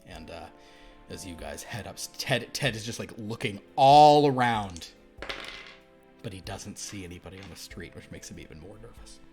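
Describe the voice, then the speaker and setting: A man narrating as game master of a tabletop game, with meandering, casual descriptions that trail off softly. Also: on the low side, animated, normal speed, faint music behind.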